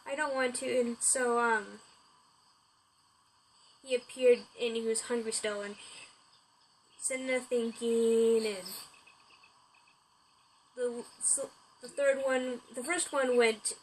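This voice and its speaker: A woman with a slightly high voice improvising a story about caterpillars. She rambles and restarts her sentences, with a faint hiss in the background. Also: steady tone, slow, long pauses, a little mellow, low-quality recording.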